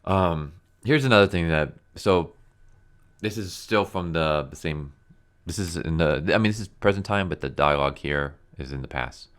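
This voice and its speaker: A man with a very low voice delivers a casual comic book review as a rant. He sounds blunt and exasperated and keeps leaning on fillers like "like" and "you know.". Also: normal speed, fairly bright tone.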